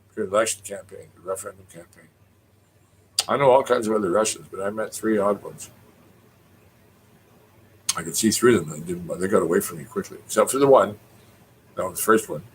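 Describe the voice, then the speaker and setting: A man's voice: low-pitched, slight background noise, poor audio. A middle-aged Canadian man ranting in a rambling spoken monologue, cursing freely and mimicking other people in raised voices. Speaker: poet.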